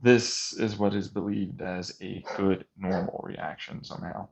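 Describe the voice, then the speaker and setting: A man's voice: sits low, fairly even intonation, unhurried, vocal fry, background noise. A man vlogging an intense monologue, agitated and sarcastic as he rants. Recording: dull lo-fi recording.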